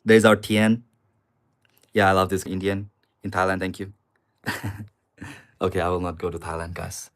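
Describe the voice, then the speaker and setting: A man's voice: low-pitched, flat delivery, normal speed, long pauses, a bit bright. A young man, chatting casually with viewers on a live stream from his small apartment. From China. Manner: chatty, addresses viewers as guys, answers chat comments. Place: small studio apartment with river view.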